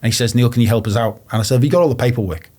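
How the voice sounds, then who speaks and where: A man's voice: mid-range voice, rapid-fire, warm tone. A man from England, a guest on an interview show, telling a story bluntly and swearing often, acting out past phone calls. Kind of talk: casual storytelling.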